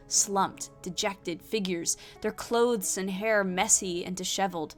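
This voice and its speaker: A woman's voice: medium pitch, a bit bright. Hesitant woman reading an adventure. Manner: hesitant, thinks aloud with fillers and sighs. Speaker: solo tabletop game player. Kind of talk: reading a solo adventure aloud with asides.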